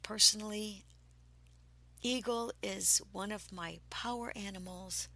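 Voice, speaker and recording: A woman telling a personal spiritual story, slow and breathy, sometimes dropping to a whisper and sometimes turning emphatic. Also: medium pitch, low-quality recording. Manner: grows excited and emphatic.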